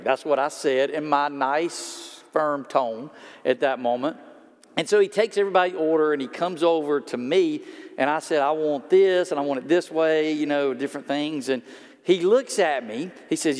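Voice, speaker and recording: A man's voice: on the high side, normal speed. A man, a pastor preaching a sermon in a conversational storytelling way and talking straight to his congregation. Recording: long hall reverb.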